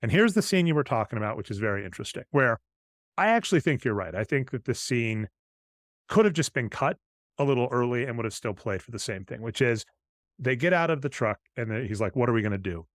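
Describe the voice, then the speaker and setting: A man's voice: medium pitch, expressive, fast, dry recording. A man co-hosting a podcast, casually retelling film scenes and quoting the characters' lines. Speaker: podcast co-host. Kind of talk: casual chat recapping a film.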